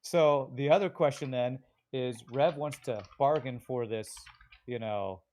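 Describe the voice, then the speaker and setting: A man's voice: medium pitch, a little slow, a little mellow. A man playing a tabletop game, talking casually and often trailing off mid-sentence. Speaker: player.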